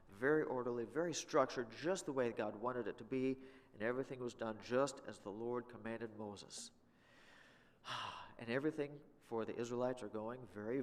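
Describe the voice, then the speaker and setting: A man teaching the Bible in a church, reading scripture and asking the congregation questions in a casual, joking way. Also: medium pitch. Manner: conversational, humorous, asks the congregation questions. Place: church sanctuary. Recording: long reverb of a church hall.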